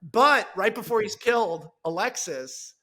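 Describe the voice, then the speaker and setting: A man with a very high, bright voice, talking casually as a podcast guest. He tells an animated, rambling story packed with asides and side comments, and his tone is sharp and forward. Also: unhurried, slightly rough. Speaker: screenwriter guest.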